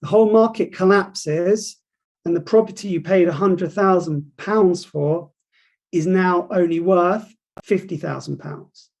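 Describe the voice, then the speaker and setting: A man's voice: high-pitched, unhurried, creaky, a little mellow. A man in his forties telling his career story to university students, acting out conversations as he goes. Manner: storytelling, acts out dialogue, frequent restarts. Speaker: property industry guest speaker. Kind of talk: motivational talk to students.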